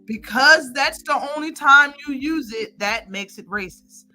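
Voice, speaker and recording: A woman's voice: high-pitched, measured pace, bright, forceful tone, soft background music. A woman hosting a live stream, giving heated, blunt and profane commentary.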